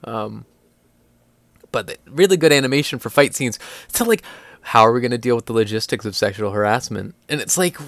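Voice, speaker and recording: A man's voice: mid-range voice, lively intonation, moderate pace, pauses often, a bit bright, no room sound. A young man on a podcast, chatting casually and incredulously, with lots of filler words and swearing. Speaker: podcast co-host. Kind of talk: casual chat.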